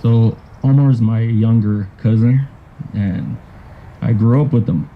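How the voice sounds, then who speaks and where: A man speaking at a cousin's graveside, telling funny memories in a halting way with restarts. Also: mid-range voice, fairly even intonation, phone-quality sound, slight background noise. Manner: halting, with restarts and soft trailing phrases. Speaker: cousin giving a eulogy. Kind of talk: graveside eulogy with anecdotes. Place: outdoors at a graveside.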